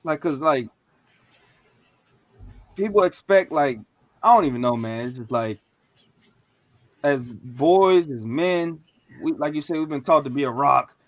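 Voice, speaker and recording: High-voiced guy ranting on a podcast, lots of slang and cussing, dry close sound. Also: unhurried, long pauses, dry recording. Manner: animated storytelling with slang and profanity. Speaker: podcast co-host. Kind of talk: casual podcast chat.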